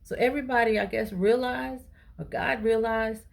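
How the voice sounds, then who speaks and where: A woman, chatting to her viewers and retelling an everyday encounter with lively quoted dialogue. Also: a little high, moderate pace, vocal fry. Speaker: vlogger. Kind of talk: casual storytelling to camera.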